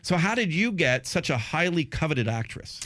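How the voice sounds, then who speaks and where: A male radio host with a fairly high voice, interviewing guests in a loose, joking way and often tripping over his words. The sound is close and dry with no room around it, clearly a studio mic. He laughs easily and rambles. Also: big pitch swings, normal speed, fairly bright tone, dry recording. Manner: rambling, stammering, laughs a lot. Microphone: studio microphone.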